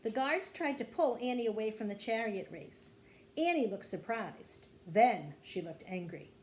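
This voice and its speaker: Kindergarten teacher reading a storybook aloud. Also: female voice, unhurried. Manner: expressive storytelling, dropping low after quotes. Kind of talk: reading a children's chapter book aloud.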